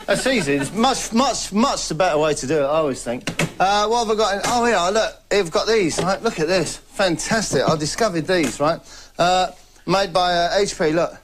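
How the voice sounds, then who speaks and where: A man's voice: high-pitched, normal speed, fairly bright tone. A man hosting a comedy show, delivering a rambling, chatty monologue to camera and laughing between jokes. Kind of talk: deadpan stand-up monologue to camera. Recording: clear background noise.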